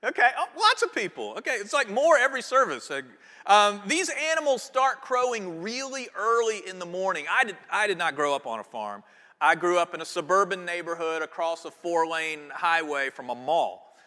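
A pastor giving a conversational sermon in church, with casual fillers and restarts. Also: male voice, high voice, expressive, moderate pace, sharp tone. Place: church sanctuary. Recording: long church hall reverb.

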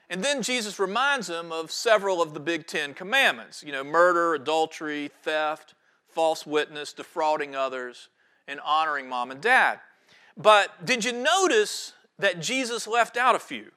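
A male pastor who reads scripture, prays and preaches with lively storytelling. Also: fairly high pitch, moderate pace. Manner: animated storytelling with a reverent scripture reading. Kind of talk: sermon.

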